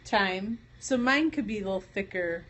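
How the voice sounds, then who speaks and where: A woman's voice: mid-range voice, expressive, normal speed, a bit bright, a little hiss or hum. A woman with a Michigan accent, hosting a casual live stream and telling a rambling story with frequent laughs. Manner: rambling, chatty, laughs often.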